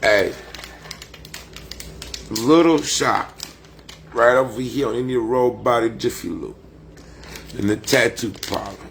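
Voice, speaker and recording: A man's voice: mid-range voice, vocal fry, slight background noise. A man, rambling profanely and boastfully on a casual livestream. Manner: loose, profane, boastful street talk.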